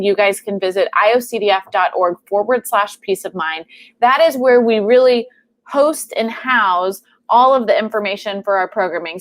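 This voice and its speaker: A woman in her thirties, a clinician, hosting a live stream Q&A with upbeat, chatty announcements. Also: medium pitch. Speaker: host and clinician.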